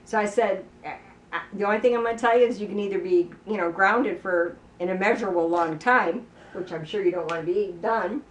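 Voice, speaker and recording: A woman's voice: mid-range voice, brisk. A chatty older woman recounts a family story at home, slipping into each person's lines as she goes. She sits a little off the microphone in a roomy space, with a faint hiss behind her. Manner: chatty storyteller, acts out dialogue, many "you know"s. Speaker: parent telling a family story. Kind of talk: casual conversation. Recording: roomy, distant, faint background noise.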